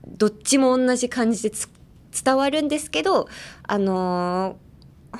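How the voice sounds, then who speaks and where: A woman's voice: lowish voice, a little mellow. Bilingual woman teaching English pronunciation. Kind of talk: bilingual podcast English lesson.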